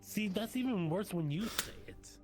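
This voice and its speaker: A man's voice: high voice, expressive, normal speed, faint music behind. Casual cursing man in roleplay. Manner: casual, swears, laughs often. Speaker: roleplay streamer. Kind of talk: in-character roleplay chat.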